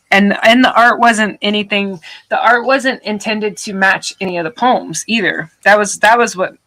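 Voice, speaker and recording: On a rough recording, a female artist streams her work and talks casually as she goes. Her voice sits on the low side with a fairly bright tone, and she rambles with occasional swearing.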